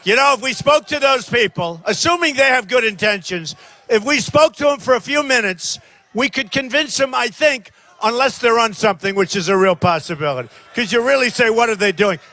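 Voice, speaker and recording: An older political candidate addresses a large rally crowd gathered by a plane, his voice extremely high-pitched, bright and forceful. He speaks a little fast and with animation, rambling through his campaign speech, repeating himself and talking straight to the audience.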